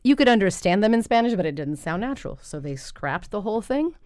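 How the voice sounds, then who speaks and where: A woman who runs a voice-over and translation business, talking about her work as a podcast guest in an enthusiastic, animated way. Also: mid-range voice, no echo, studio quality. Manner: enthusiastic, animated, talks fast when excited. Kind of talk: casual conversational interview.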